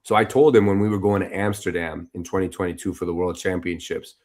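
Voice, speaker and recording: A man with a low, deep voice, speaking as a podcast guest. He tells his story casually and with energy, leaning on easy filler phrases as he goes. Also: fast. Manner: animated, loose and conversational, full of "you know" and "like".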